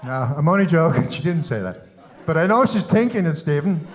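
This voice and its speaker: A man's voice: fairly high pitch, big pitch swings, fairly quick, a faint crowd, a little hiss or hum. A middle-aged Irish man, the father of the bride, giving a teasing, joke-filled wedding speech at a reception. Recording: slightly dull lo-fi sound.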